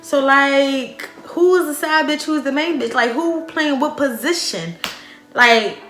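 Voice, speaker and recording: A young woman tells a storytime to her camera, dramatic and animated, with plenty of swearing and slang. Her voice sits fairly high and rings bright. The room around her is echoey, with faint music underneath. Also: a little slow. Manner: profane, slangy. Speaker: vlogger. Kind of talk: casual storytime.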